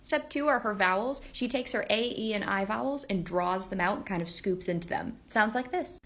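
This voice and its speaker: A woman's voice: on the high side, normal speed, few pauses, a bit bright. A young woman giving an upbeat, step-by-step vocal tutorial, plainly explaining how to imitate singers. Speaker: singer and impressionist teaching vocal impressions.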